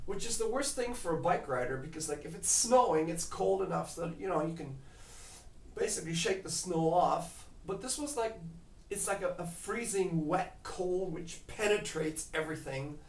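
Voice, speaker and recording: A man's voice: high-pitched, moderate pace. Rambling man telling a story in a roomy kitchen. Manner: rambling, with many fillers. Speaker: vlogger telling a travel story. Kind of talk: casual storytelling. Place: home kitchen. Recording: roomy kitchen, mic at a distance.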